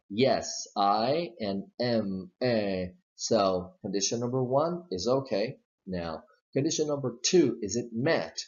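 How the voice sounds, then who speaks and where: A man's voice: medium pitch, darkish tone. A man teaching English pronunciation, explaining each step patiently and repeating model words. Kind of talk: slow step-by-step pronunciation lesson. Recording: slightly dull lo-fi recording.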